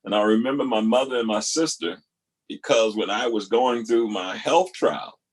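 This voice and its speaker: A man hosting a talk, pausing video clips to reflect earnestly, repeating key phrases for emphasis. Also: mid-range voice, husky. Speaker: host reacting to video clips. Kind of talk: reflective spoken commentary.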